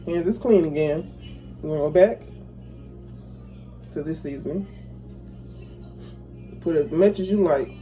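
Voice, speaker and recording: A relaxed, mellow voice of a home cook walking viewers through a recipe. The talk is casual and chatty, with easy laughs between steps. Soft music plays faintly behind. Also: mid-range voice, a little slow, long pauses, poor audio. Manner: chatty, talks viewers through each step, laughs easily. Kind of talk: casual cooking tutorial. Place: home kitchen.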